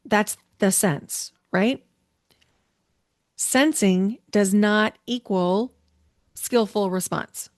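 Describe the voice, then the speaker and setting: A woman's voice: mid-range voice, extremely slow, pauses often, no echo, studio quality. A middle-aged woman hosting a solo podcast, talking in a chatty, self-deprecating way and telling personal stories. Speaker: podcast host and intuition coach. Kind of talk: solo podcast teaching talk.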